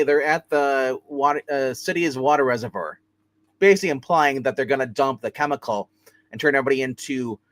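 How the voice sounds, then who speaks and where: A man hosting a casual comic book review, rambling through the plot with plenty of fillers and quick put-on character voices. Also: medium pitch, fairly bright tone, no echo.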